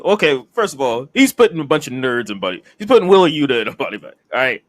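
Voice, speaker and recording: A man co-hosting a casual wrestling review podcast, animated and laughing often. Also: mid-range voice, fast, no room sound. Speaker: podcast co-host.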